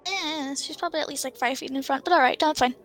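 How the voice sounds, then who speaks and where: Female player, high bright voice, giggly casual banter. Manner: giggly, quick questions. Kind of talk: casual tabletop play.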